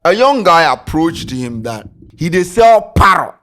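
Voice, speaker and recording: A Ghanaian man hosting a podcast, telling a comic story in Ghanaian English with pidgin, animated and laughing, repeating words for effect. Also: a little high, a little slow. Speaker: podcast host.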